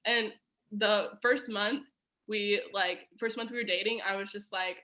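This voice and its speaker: A woman's voice: medium pitch, steady tone, measured pace, pushed and bright. A young woman telling a personal story as a podcast guest, chatty and casual, full of "like" and fillers. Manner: chatty, filler-heavy with frequent "like" and laughs.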